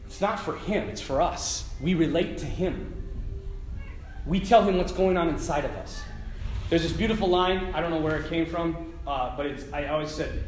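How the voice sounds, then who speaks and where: A man, a priest, giving an informal sermon at a prayer retreat, animated and laughing as he tells stories. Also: on the high side, moderate pace. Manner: animated, laughing, conversational storyteller. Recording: echoey room.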